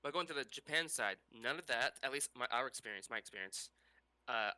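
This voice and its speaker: A man's voice: medium pitch, lively intonation, brisk, bright, forceful tone, dry recording. A man co-hosting a podcast in casual chat, rambling with laughs and restarts. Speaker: podcast co-host.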